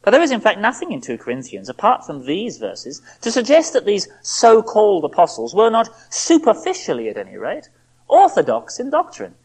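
A woman preacher with a slightly husky voice, moving through a Bible passage in measured, reasoning tones. Her pitch rises and falls a lot as she explains and makes her points. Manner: expressive, voices the apostle's pleas with feeling. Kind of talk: expository sermon.

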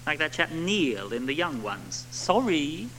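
Lively, bright-voiced preacher man. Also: mid-range voice, a little slow, a little hiss or hum, low-quality recording. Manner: animated, rhetorical tag questions, acts out little quotes. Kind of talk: sermon.

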